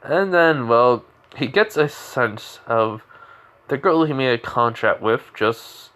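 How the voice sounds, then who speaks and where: A man's voice: mid-range voice, animated, slow, fairly bright tone. Young man, storyteller, improvised fan story, rambling, lots of restarts. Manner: rambling, many fillers and restarts.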